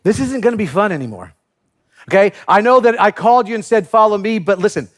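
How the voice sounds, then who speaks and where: Brief: a male pastor delivering a sermon, jokey, acts out the quotes, high and highly expressive. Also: quick pace. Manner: animated storyteller acting out quotes, joking.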